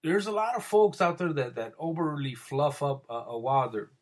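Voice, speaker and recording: Male podcast host, casual profane monologue, loose and rambling, slightly high voice. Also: moderate pace. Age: adult with wife. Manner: rambling, profane, frequent restarts.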